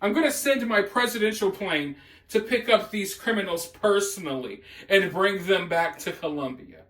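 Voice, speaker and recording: A man's voice: high voice, lively intonation, moderate pace, a bit bright, reverberant, far from the mic. A man voicing a sheepish, groveling foreign male president in a mocking impression.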